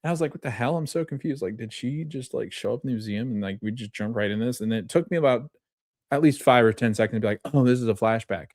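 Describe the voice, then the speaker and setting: A man hosting a podcast, recapping a TV episode in a chatty, animated way with lots of fillers and laughs. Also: medium pitch, fast talker, no room sound, studio quality. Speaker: podcast host.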